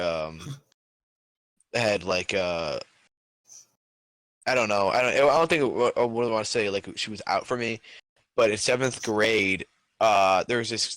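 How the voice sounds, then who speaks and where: Low-pitched male podcast co-host, rambling casual storyteller, dry close sound. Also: a bit bright, dry recording. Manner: rambling storyteller, many filler words. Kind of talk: casual chat.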